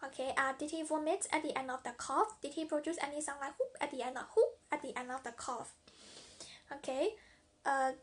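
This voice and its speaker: A woman's voice: sits high, fairly even intonation, a little fast. A woman playing a doctor in a practice clinical exam, asking a parent questions in a hesitant way, often restarting and repeating herself. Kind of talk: clinical history-taking role-play.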